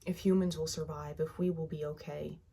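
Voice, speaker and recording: A woman guiding a tapping session, speaking slow, heartfelt first-person affirmations that trail off softly at the ends of phrases. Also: low voice, fairly even intonation, gravelly, slightly rough. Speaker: EFT tapping guide.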